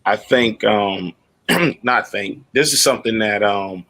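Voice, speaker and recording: A man joining a panel discussion, speaking in a measured, hesitant way with many ums. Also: fairly low pitch, sharp tone. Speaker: panel guest.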